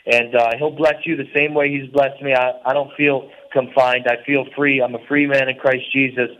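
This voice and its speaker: A man calling in to a radio show from a prison cell. He talks earnestly and at a mid pitch, preaching at times. His speech is loose and full of fillers. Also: flat delivery, moderate pace, lo-fi sound. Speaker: guest calling in. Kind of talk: interview on talk radio.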